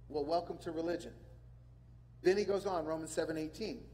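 A man's voice: fairly high pitch, brisk, pauses often, a little mellow, in a large hall, poor audio. A man preaching a sermon as pastor, earnest, repeating words and phrases for emphasis.

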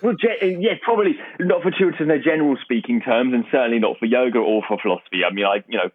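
A man with an Essex accent, a guest in a casual podcast chat, self-deprecating and quick to laugh, often restarting his sentences. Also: mid-range voice, animated, no room sound. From England. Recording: dry, tinny phone-like line.

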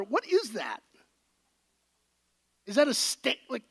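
A man preaching a sermon in an easygoing, conversational way, his voice sitting high and swinging widely in pitch. He sounds young and talks to the congregation like friends. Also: very animated, normal speed, pauses often. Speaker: pastor.

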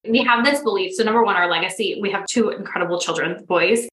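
Bright-voiced woman in an echoey room. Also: medium pitch, fast talker. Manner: animated storyteller, acts out quoted dialogue. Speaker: guest, manifestation coach. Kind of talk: casual podcast interview.

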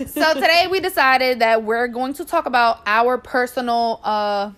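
A woman's voice: fairly high pitch, moderate pace, fairly bright tone, smooth. New York woman in casual chat. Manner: swears freely, laughs often. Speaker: podcast co-host.

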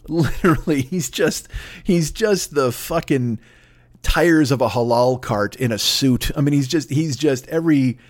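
A man hosting a comedy podcast, ranting in a profane, rambling, excitable way with lots of restarts. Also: medium pitch, a little slow. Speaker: podcast host. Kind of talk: comedic rant.

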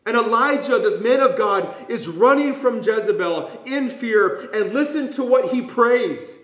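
A man's voice: very high-pitched, expressive, unhurried, fairly bright tone. A man preaching a sermon as pastor, impassioned, sometimes mimicking whining voices. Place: church. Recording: echoey room, dull lo-fi sound.

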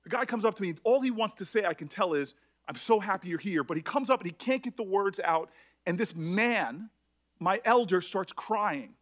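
A middle-aged man speaking at a hearing as a senator, emotional and halting, often restarting his sentences. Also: high voice, animated. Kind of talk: emotional public address.

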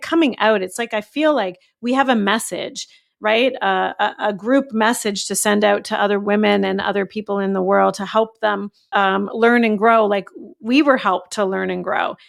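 A woman coach talking as a podcast guest, animated and acting out her own inner thoughts in quotes. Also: medium pitch, normal speed, vocal fry. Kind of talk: casual podcast conversation.

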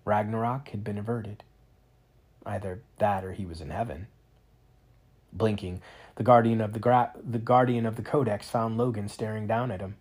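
A man reads a fantasy storybook aloud, his voice low and husky. His delivery is dramatic and expressive, pushing up in pitch and volume at the action beats. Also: normal speed. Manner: dramatic, expressive reading with rising emphasis. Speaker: narrator.

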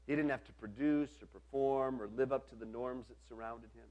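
A man preaching an earnest storytelling sermon, dropping to a soft low voice on key lines. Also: a little fast, few pauses, lo-fi sound.

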